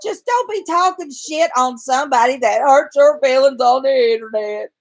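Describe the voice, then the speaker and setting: A woman's voice: high-pitched, expressive, moderate pace, low-quality recording. A woman ranting bluntly and profanely in a home vlog, from bed right after waking. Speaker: vlogger.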